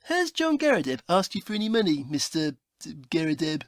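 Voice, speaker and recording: A woman's voice: lowish voice, very animated, fairly quick, dry recording. Prim fussy detective guy played by a woman, bouncy voice, dry close sound, comedy audio play. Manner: formal, fussy, scolding. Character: Sherlock Holmes, prim and haughty male detective.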